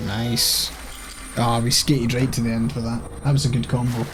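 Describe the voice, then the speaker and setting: A Scottish man commentates on his game play in a sweary, animated way, reacting aloud to each moment. His voice sits at a middle pitch, with faint music underneath. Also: normal speed. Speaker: gaming streamer.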